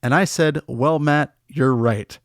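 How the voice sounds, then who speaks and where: A man hosting a comedy podcast, delivering an absurd mock-serious monologue that jumps in pitch and breaks into awkward laughter. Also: slow, no echo, studio quality.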